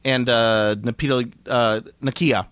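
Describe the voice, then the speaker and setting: A man in his thirties co-hosting a casual movie review chat, animated and quick to laugh. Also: mid-range voice, smooth. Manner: animated, laughs often, breaks into mock voices. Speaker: podcast co-host.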